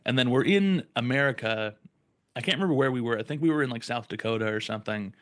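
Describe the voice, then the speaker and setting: Young male podcast co-host, mid-pitch, retells a story with lots of swearing and quoted voices, dry close sound. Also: quick pace, no echo. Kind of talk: casual storytelling.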